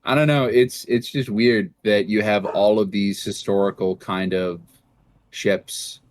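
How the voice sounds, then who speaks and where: A young man from Massachusetts rambles through a casual podcast chat in a lowish voice. He curses freely and gets animated when he acts out what people said to him. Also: unhurried, slight background noise. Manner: rambling, profane, animated in retold dialogue. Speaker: podcast co-host.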